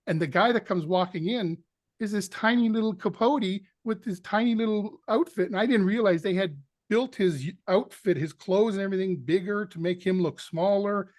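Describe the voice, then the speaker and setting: An actor guest on an interview podcast, telling a story with lively act-outs of what people said. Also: male voice, high voice, moderate pace, no room sound, studio quality. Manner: animated anecdote teller, acts out quotes.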